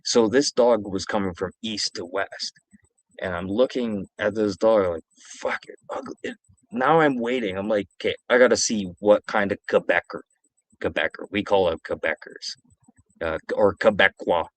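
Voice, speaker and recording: A man's voice: fairly low pitch, fairly even intonation, moderate pace, dry recording. A man in his forties telling rambling, profane stories alone on a stream, repeating himself. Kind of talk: casual storytelling.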